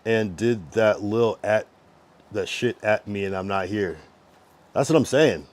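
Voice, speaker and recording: A man's voice: on the low side, measured pace. A young man livestreaming, ranting at his chat in an irritated, swearing, casual way.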